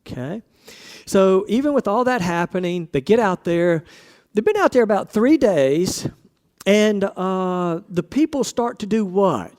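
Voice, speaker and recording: A man's voice: sits high, expressive, measured pace, a little mellow. A man preaching a casual sermon, asking his congregation questions and acting out quoted voices.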